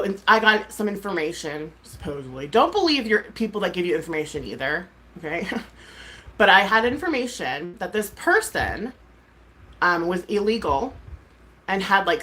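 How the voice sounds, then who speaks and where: A woman's voice: medium pitch, a bit bright. A woman, a mom and streamer, ranting casually to her viewers, exasperated and swearing freely with lots of "like". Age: adult mom. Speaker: YouTuber and streamer.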